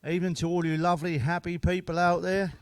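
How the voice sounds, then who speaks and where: A man's voice: high-pitched, flat delivery, fast talker, clear, resonant tone, dry recording. A middle-aged man telling jokes and stories in a blunt, sweary stand-up style. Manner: sweary, blunt, laughing at his own jokes. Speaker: stand-up comedian. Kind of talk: casual stand-up storytelling.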